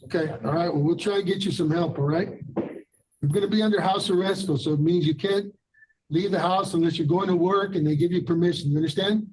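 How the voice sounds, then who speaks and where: A high-pitched man presides as judge, calling cases and giving firm instructions. He repeats himself steadily to calm a defendant and lay out release orders. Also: a little fast, low-quality recording. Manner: firm, repetitive, calming commands. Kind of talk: courtroom hearing. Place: courtroom.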